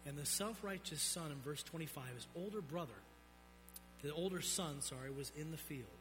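A man preaching a sermon, swinging between loud emphatic peaks and low, quiet drops. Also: moderate pace, music in the background. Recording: long reverb of a large hall.

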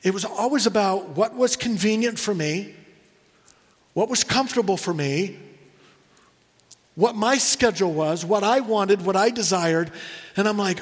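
A middle-aged man preaching a sermon, telling personal stories earnestly and slowing down for emphasis. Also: high voice, husky, long reverb tail. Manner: earnest storytelling, slows for emphasis. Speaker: pastor.

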